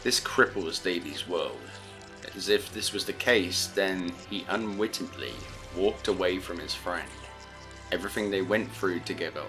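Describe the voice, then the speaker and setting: Deep-voiced man narrating an audiobook. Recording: narration over music.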